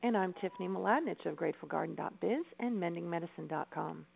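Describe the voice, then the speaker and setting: A woman's voice: fairly low pitch, quick pace, gravelly. A woman co-hosting a talk show, an upbeat and encouraging interviewer. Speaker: podcast co-host. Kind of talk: casual radio chat. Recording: phone-like call-in audio.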